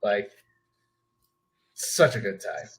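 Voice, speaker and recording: A man's voice: fairly low pitch, big pitch swings, slow, rough recording. A man hosting a podcast, chatting casually in an easygoing way. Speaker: podcast host. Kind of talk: casual chat.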